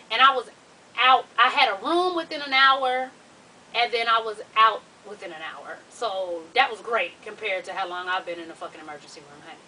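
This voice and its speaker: High, bright woman telling a profane story. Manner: profane, animated, laughs through the story. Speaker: vlogger. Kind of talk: casual storytelling to viewers. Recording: distant mic with faint hiss.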